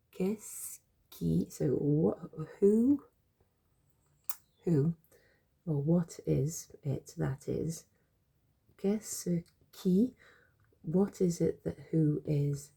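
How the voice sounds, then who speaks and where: Husky lady french teacher, sore throat, slow and patient, lots of gravel in the voice. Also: low voice, dark tone. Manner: patient, repeats and spells out words slowly. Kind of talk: explaining French jokes in a language lesson.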